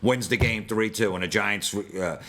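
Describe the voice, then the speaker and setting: A man rants in a casual podcast chat, cursing constantly. His voice sits low with a bright, forceful edge. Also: moderate pace. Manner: crude, ranting, profane. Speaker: podcast host.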